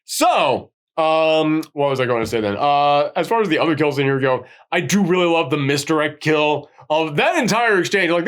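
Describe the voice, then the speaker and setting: A chatty man reviewing a horror movie in a loose, rambling way, his voice sitting a little high for a man. He breaks into gruff put-on voices to act out scenes, then slides back into easy talk. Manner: rambling, animated, acts out quotes in a gruff voice. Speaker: podcast host. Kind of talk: casual movie review chat.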